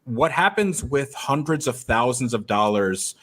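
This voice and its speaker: A man's voice: mid-range voice, lively intonation, unhurried, a bit bright. A man telling a story as a podcast guest, in a loose, rambling way with many fillers and restarts. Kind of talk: casual podcast chat.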